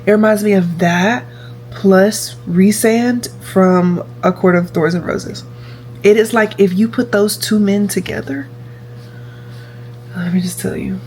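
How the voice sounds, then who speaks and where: A woman's voice: mid-range voice, a little slow, slight background noise. Chatty young woman vlogging. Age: 20s. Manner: chatty, repeats herself, animated. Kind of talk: casual vlog chat.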